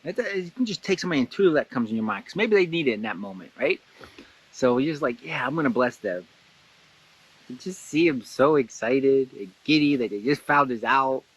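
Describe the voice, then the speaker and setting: A man hosting a casual guided blessing exercise, animated and laughing often, jumping into excited high voices when he quotes someone. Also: brisk, breathy edge, muffled recording. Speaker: host guiding a blessing exercise. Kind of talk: casual guided meditation talk.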